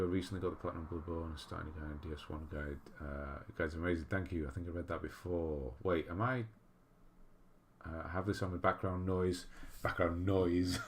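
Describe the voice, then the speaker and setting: A man from England hosting a livestream in a casual, chatty way, reading viewer messages aloud and laughing at himself. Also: low-pitched. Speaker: livestream host reading chat.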